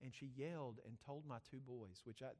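A man's voice: medium pitch, brisk, darkish tone. A man, preaching a sermon and telling rambling family stories with many restarts. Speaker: pastor. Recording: long reverb of a church hall.

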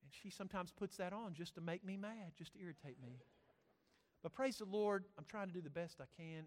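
A man, preaching a sermon and telling rambling family stories with many restarts. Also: a little high. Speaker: pastor. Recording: long reverb of a church hall.

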